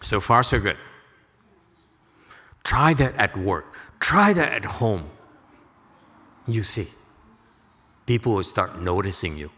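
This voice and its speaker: A man's voice: lowish voice, expressive, slow pace, long pauses, sharp tone, big-room sound. A man teaching at a temple, giving a Buddhist lecture to an audience, joking and checking they follow. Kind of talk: dharma lecture.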